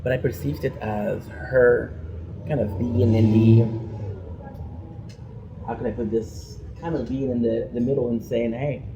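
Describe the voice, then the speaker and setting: A man's voice: medium pitch, steady tone, unhurried, long pauses, noisy background. A man vlogging an emotional personal rant, rambling and frustrated, often restarting his sentences.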